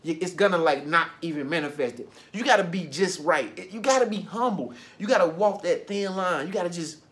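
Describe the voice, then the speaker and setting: A man's voice: high voice, a little fast, a bit bright. A man vlogging a loose, conversational motivational talk, repeating phrases for emphasis.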